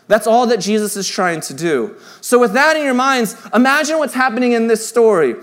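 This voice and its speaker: High-voiced male pastor preaching. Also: brisk, hardly any pauses. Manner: conversational preaching, drops to soft hushed tones for tender lines. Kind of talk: sermon. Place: church.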